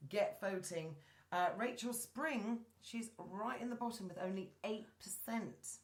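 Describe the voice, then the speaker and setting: A woman's voice: mid-range voice, unhurried. A woman hosting a chat show, chatting casually and reading news stories aloud, stumbling over names. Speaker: host. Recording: roomy echoey room.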